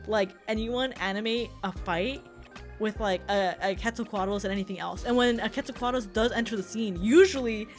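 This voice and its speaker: A young woman VTuber streamer in casual, animated livestream chat, swearing and laughing often with lots of fillers. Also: mid-range voice, normal speed, soft background music.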